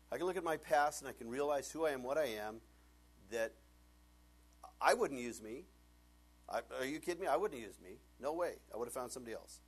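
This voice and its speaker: A male pastor preaching a sermon, animated and laughing often, acting out bits of dialogue in changing voices. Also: medium pitch, brisk, pauses often, slightly rough.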